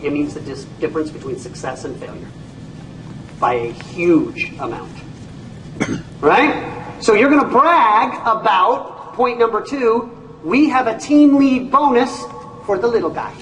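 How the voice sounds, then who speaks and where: A man giving a lively, jokey sales presentation at a whiteboard, making his points through stories. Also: high voice, a little hiss or hum. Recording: echoey room, mic far off, faint ambience.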